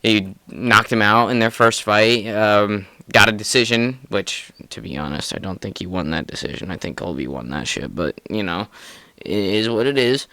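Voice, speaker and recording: Casting: young male podcast co-host, excitable and profane, clear bright tone. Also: on the low side, no room sound. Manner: excitable, profane, laughs often. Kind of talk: casual sports chat.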